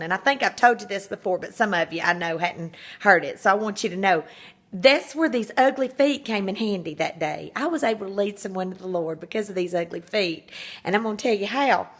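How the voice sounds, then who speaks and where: A middle-aged woman, chatting to her viewers and telling stories, full of fillers and laughter. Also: medium pitch. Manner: chatty, warm-hearted, laughing storyteller with many fillers. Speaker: vlogger. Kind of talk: casual storytelling to viewers. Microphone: phone.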